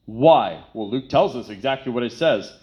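A man's voice: mid-range voice, expressive, moderate pace, dull audio. A man preaching a sermon, emphatic and repetitive, who poses rhetorical questions and then answers them. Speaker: pastor.

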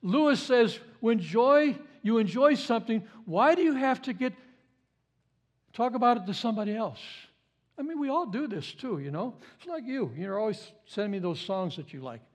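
A man with a notably high voice preaches a sermon, chatting to his congregation more than lecturing. He drives points home by repeating them, jumping from loud emphatic bursts down to quiet low asides. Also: lively intonation, moderate pace. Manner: conversational, repeats key phrases for emphasis. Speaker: pastor.

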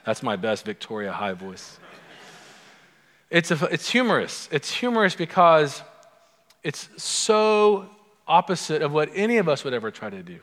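A man's voice: on the high side, big pitch swings, moderate pace, fairly bright tone. A man preaching a sermon as pastor, in a conversational, humorous storytelling manner. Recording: long hall reverb.

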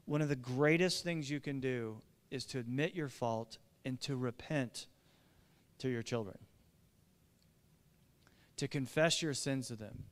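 A man's voice: mid-range voice, unhurried, pauses often. Midwestern male pastor, confessional storyteller, resonant tone, church reverb. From American Midwest. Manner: earnest, confessional, animated storytelling. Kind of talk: sermon.

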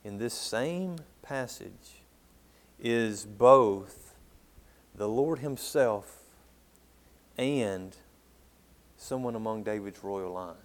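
A man preaching a sermon in a fairly low voice. He reads scripture with emphatic swells on key words and sinks low at the ends of phrases. He puts questions to his listeners as he goes. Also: lively intonation, drawn-out words, pauses often. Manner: asks the congregation questions. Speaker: pastor.

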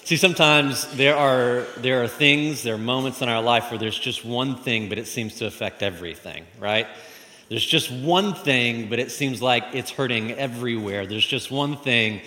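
A pastor delivers a sermon with a bright, forceful tone. He talks in a conversational way, circling back to phrases and putting questions to his listeners. A long reverb hangs after his words. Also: mid-range voice, moderate pace. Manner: conversational, repeats phrases, asks the congregation questions.

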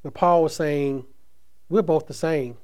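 A man preaching a sermon, speaking with slow emphatic stresses that trail off softly at phrase ends, with casual asides between. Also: on the high side, clean tone. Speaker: pastor.

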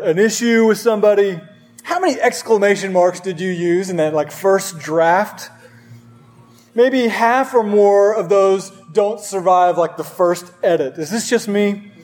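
A man's voice: high-pitched, darkish tone. A man preaching a sermon as pastor, emphatic and conversational, with rhetorical questions to the congregation.

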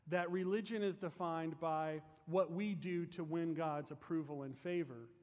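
A man preaching a storytelling sermon as pastor, earnest and fervent, letting his phrase ends fall soft, then leading a prayer. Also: fairly high pitch, fairly even intonation, measured pace, in a large hall.

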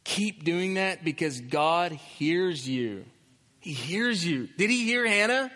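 Bright-voiced male preacher, emphatic. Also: sits high, lively intonation, takes it slowly, big-room sound. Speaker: pastor. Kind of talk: sermon. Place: church.

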